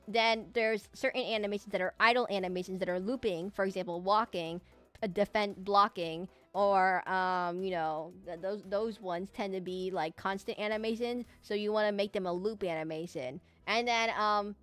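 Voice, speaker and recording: A woman's voice: mid-range voice, fairly bright tone. A woman VTuber streamer chatting casually with her viewers, rambling and repeating herself. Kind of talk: casual live-stream chat.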